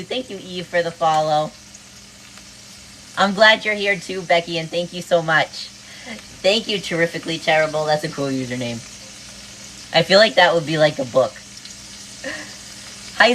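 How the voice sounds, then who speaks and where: Bubbly East Coast woman, lowish voice, cooks live while chatting to her viewers. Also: normal speed, long pauses, pushed and bright, a little hiss or hum. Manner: bubbly, greets viewers one after another, says "oh my God" often. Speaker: livestreamer cooking while greeting viewers. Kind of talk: casual livestream chat.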